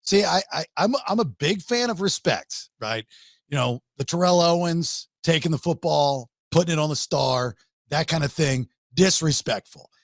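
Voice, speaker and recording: A man hosting a casual sports podcast, his voice lively and swinging up and down in pitch as he argues. It sits a touch higher than most men's, recorded close and dry with no room sound at all. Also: normal speed, no echo. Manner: animated, rising pitch when making a point. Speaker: podcast host.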